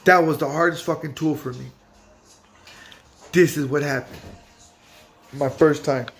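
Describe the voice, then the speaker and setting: A loud young man, casually telling his own story in street slang and acting out what people said. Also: on the high side, fairly even intonation, a little slow, gravelly.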